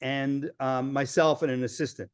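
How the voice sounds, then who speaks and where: A man telling lively travel stories as a podcast guest, acting out the people he quotes. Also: medium pitch, moderate pace, clean tone, dry recording, studio quality. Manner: animated storyteller acting out quoted voices. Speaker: filmmaker guest. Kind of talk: storytelling in a podcast interview.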